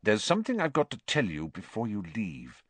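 Man doing a low quiet worried dad, tense and hurried. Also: sing-song, husky, no room sound, heavily acted. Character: anxious, serious middle-aged father.

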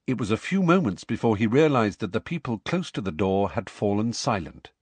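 A man narrating an audiobook in an expressive, measured storytelling manner. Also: lowish voice, slightly rough, dry recording. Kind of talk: scripted narration.

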